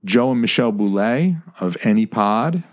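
Brief: man, podcast co-host, somewhat low voice, swears freely and jokes around. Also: lively intonation, moderate pace. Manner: profane, joking, rambling. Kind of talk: casual podcast chat.

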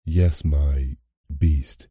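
A man's voice: very deep voice, steady tone, measured pace, mellow, slightly rough, no echo, studio quality, heavily acted. A man voicing a frightened father who pleads and stammers in a bedtime story reading. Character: terrified middle-aged father pleading.

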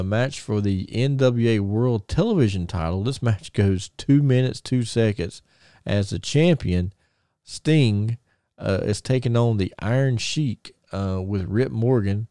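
Brief: man, podcast host, warm low voice, rambling excited storyteller. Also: dry recording, clean studio sound. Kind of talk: casual chat.

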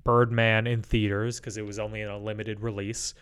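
A man co-hosting a podcast over a remote call, telling rambling stories with deadpan asides. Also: lowish voice, brisk, clean tone. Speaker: podcast co-host. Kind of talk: casual chat. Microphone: remote call mic.

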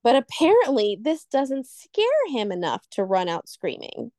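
A woman's voice: fairly high pitch, very animated, darkish tone, no echo, studio quality. Chatty woman telling a spooky story. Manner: rambling, loses her train of thought, quick asides. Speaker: podcast co-host, storyteller. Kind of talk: casual chat, telling a scary story.

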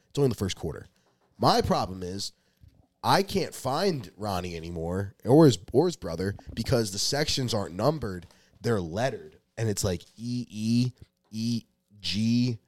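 A man's voice: on the low side, expressive, moderate pace, a little mellow, no echo. A young man telling a long, rambling, profane story in casual podcast talk. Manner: rambling, profane, restarts often. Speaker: podcast co-host.

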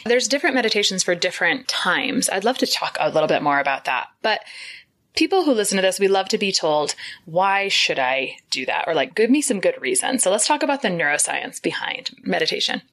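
Woman host, eager and chatty, asks lots of questions, mid-pitch voice. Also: very animated, fast talker. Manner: enthusiastic, warmly reactive questioning. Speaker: podcast host. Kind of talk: conversational interview.

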